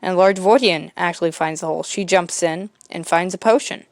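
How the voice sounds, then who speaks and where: A woman's voice: on the low side, a little fast, no room sound. A woman podcast host casually reading a comic aloud, with some fillers.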